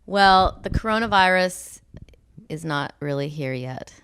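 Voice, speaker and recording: A woman co-hosting a relationship podcast in casual, dry, low-key banter. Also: expressive, a little slow, a bit bright, clear, resonant tone. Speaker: podcast co-host.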